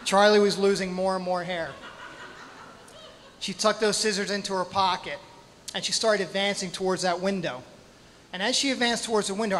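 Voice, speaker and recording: High-voiced man telling a story in a hall. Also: fairly bright tone, a little hiss or hum. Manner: dramatic, with pauses and spoken sound effects; self-deprecating humor. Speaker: storyteller at a live event. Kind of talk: live storytelling performance. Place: stage in a hall at a storytelling night. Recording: hall reverb, faint ambience.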